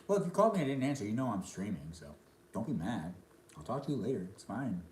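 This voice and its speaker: A man's voice: lowish voice, big pitch swings, fast talker, darkish tone, roomy sound, slight background noise. A man chatting casually on a live stream while eating dinner, reading and answering chat comments between bites. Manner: talks between bites of food.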